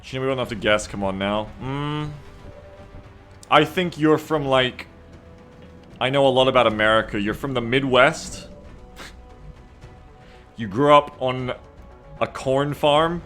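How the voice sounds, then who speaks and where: Speaking at a measured pace with frequent pauses, this man has a medium-pitched, slightly bright voice over soft background music. He's streaming a strategy game, chatting casually, reading viewer messages aloud with playful teasing, and laughing a lot.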